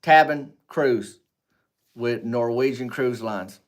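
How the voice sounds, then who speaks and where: A man hosting a casual livestream, rambling and joking with viewers, swinging between loud greetings and low asides. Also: takes it slowly. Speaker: livestream host. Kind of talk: casual live chat with viewers.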